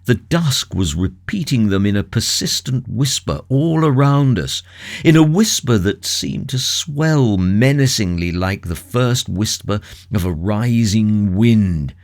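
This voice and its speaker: A man narrating a classic novel as an audiobook, measured, grave and dramatic in first person. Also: on the low side, lively intonation, vocal fry.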